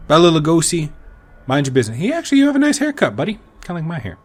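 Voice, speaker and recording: A man commentating his own playthrough of a game, full of jokey, rambling asides. His pitch jumps around animatedly, and his voice sits somewhat high for a man. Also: sing-song, fast talker, darkish tone, breathy edge. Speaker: let's play host.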